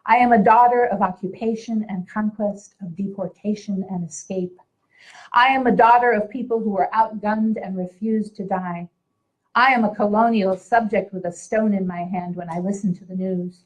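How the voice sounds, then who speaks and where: Woman reading poetry in measured rhythm. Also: mid-range voice, steady tone, lo-fi sound. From Puerto Rico. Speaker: poet.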